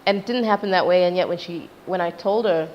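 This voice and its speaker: Young woman, from Zimbabwe, interview guest, animated storyteller, lowish voice, muffled recording. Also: fast. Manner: animated storytelling, acts out quoted parents, laughs often. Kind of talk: casual interview chat. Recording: dull lo-fi sound with faint background noise.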